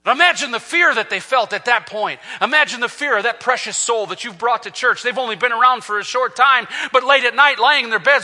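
A man preaching a sermon, reading scripture and swinging between fervent shouts and hushed, quiet passages. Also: very high voice, fast, hardly any pauses, long reverb tail. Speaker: pastor.

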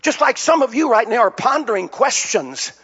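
An older male pastor preaching a sermon with a high, husky voice. He tells stories and rises to shouting peaks. The recording is dull and lo-fi. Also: sing-song, moderate pace. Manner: storytelling preacher building to shouted climaxes. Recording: dull lo-fi sound.

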